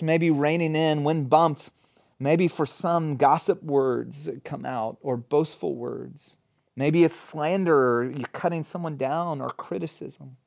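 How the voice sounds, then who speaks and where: Middle-aged male pastor, conversational sermon, earnest and animated. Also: fairly high pitch, gravelly. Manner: earnest, animated, with everyday examples.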